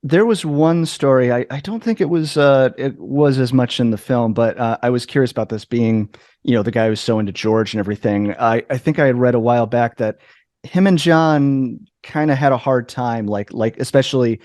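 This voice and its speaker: A man's voice: mid-range voice, moderate pace, a little mellow, no room sound. Hesitant male interviewer, dry sound. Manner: hesitant, full of fillers and restarts. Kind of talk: casual interview questions.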